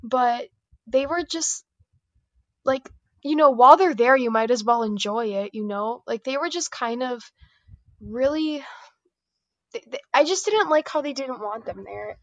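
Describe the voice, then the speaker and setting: Woman podcast guest, high voice, meandering filler-heavy chat, dry close sound. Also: animated, measured pace, pauses often, no echo. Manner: meandering, hesitant, heavy use of "like". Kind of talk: casual chat.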